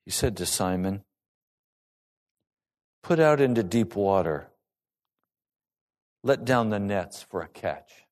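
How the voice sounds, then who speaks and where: A male pastor preaching a sermon to his congregation in an animated, rising and falling delivery. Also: lowish voice, slow, long pauses.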